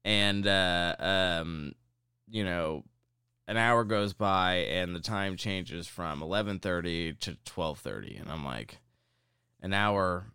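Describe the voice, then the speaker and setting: Low, bright-toned young man telling a story. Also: slow, smooth, no room sound, studio quality. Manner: profane, rambling anecdote-telling. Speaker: storyteller in a chat podcast. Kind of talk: casual chat.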